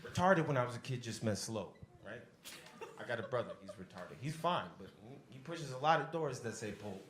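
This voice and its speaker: A man's voice: medium pitch, brisk, roomy sound, noisy background. A man doing stand-up comedy with crowd work in a comedy club, brash and profane, with audience laughter behind him. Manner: brash, profane, animated delivery.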